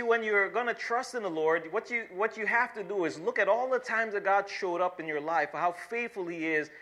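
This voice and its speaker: A man's voice: high-pitched, sharp tone. A man preaching a sermon as pastor, reading scripture and stressing key words with repeated phrases.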